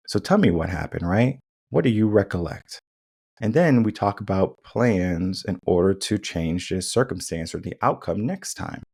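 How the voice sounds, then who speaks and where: A young man hosts a podcast in a low, expressive voice that's a little mellow and slightly rough, speaking at a moderate pace. His casual monologue is emphatic and repetitive, and he acts out quotes in shifting tones.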